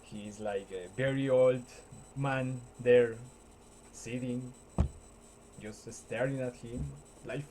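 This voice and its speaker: A man casually retelling a film scene, halting often with fillers and restarts. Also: medium pitch, fairly even intonation, darkish tone, slight background noise, low-quality recording. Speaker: storyteller.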